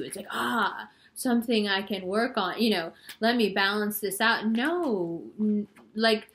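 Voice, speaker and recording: A woman talks through a tarot and astrology reading in a casual, rambling way. She teases her listeners playfully and keeps saying "like". Her voice sits at a middle pitch. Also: a little hiss or hum. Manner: chatty and rambling, heavy use of "like"; playful, teasing. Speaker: tarot reader.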